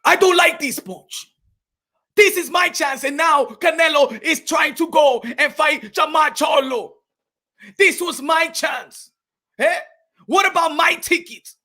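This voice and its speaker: Man doing a wronged boxer, high and sharp, indignant rants. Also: takes it slowly, full character voice. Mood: aggrieved. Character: aggrieved male boxer passed over for a big fight.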